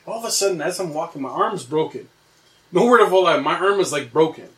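A man's voice: on the high side, lively intonation, fast talker, fairly bright tone, distant mic. A young man animatedly telling a wild dream story in casual chat, swearing and laughing as he goes.

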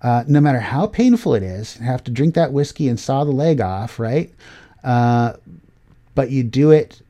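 A man's voice: mid-range voice, animated, a little slow, dark tone. A middle-aged man hosting a casual tech talk show, rambling with many fillers and restarts. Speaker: podcast host.

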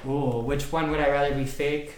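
A man's voice: on the high side, flat delivery, normal speed. A man co-hosts a laid-back podcast in a loose, emphatic way, full of like fillers. His voice rings in a roomy space with a faint hiss of noise underneath. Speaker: podcast co-host. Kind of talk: casual podcast chat. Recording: echoey room, faint noise.

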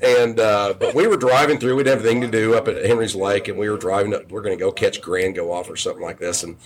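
A man's voice: lowish voice, steady tone, fast talker. A man in his fifties, a podcast guest telling long casual stories with frequent restarts and self-corrections. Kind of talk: casual storytelling.

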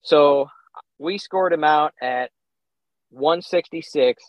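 A man's voice: on the high side, slow, no echo. Young man telling a hunting story. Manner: animated, acts out his own reactions with "I'm like", chuckles often. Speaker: podcast guest. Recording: slightly dull, dry sound.

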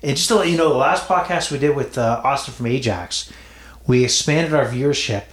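A man's voice: medium pitch, fairly quick, roomy sound. A man hosting a casual sports betting podcast, playful and teasing, often repeating himself. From Toronto area, Canada. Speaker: podcast host.

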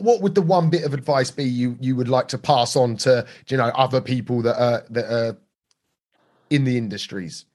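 A man hosting an interview, asking questions in an encouraging way with many restarts. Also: a little high. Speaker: interview host. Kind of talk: conversational interview.

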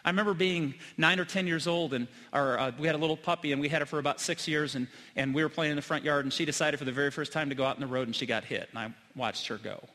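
A middle-aged man preaching a sermon to his church, telling personal stories earnestly and swinging between loud emphasis and hushed moments. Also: fairly high pitch, quick pace, hardly any pauses. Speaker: pastor. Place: church sanctuary. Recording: long hall reverb.

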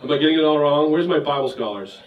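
A man's voice: a little high, quick pace, highs cut off. A man preaching a sermon, telling the story with jokes and acting out the voices of the people in it. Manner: animated, joking storyteller acting out bits. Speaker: pastor. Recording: roomy echo, mic at a distance.

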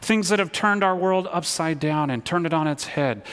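A man's voice: a little high, moderate pace, a bit bright, smooth. Earnest man preaching in a reverberant hall. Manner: earnest, repeats words, leads call-and-response. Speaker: pastor. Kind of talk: sermon.

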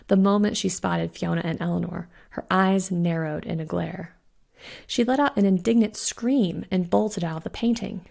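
A woman, the author, reading her own spooky short story aloud with steady narration. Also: medium pitch, gravelly. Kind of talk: scripted narration.

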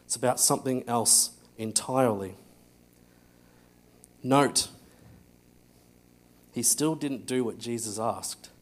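A man preaching a sermon, telling a Bible story with energy, acting out the voices and often dropping to a hushed tone. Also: mid-range voice. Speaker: pastor.

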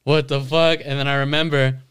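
A young man telling a profane, animated story in a casual chat, acting out his own lines. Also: medium pitch, fairly quick, smooth, no echo, clean studio sound.

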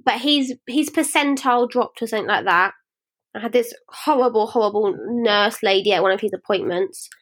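In a fairly quick, somewhat high voice, a woman co-hosting a podcast shares candid stories over casual talk. She's animated, acting out the lines people said.

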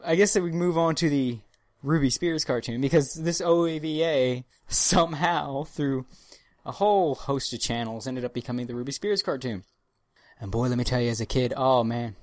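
A man co-hosting a casual podcast chat, profane and excitable, bursting into mock-dramatic rants. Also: a little high, no room sound, clean studio sound. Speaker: podcast co-host.

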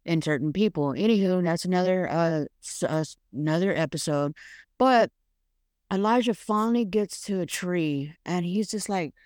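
With a fairly low, slightly mellow voice at normal speed, this woman hosts a podcast, chatting frankly through a devotional monologue. She swears casually and uses many fillers, and the recording is dry and studio-clean.

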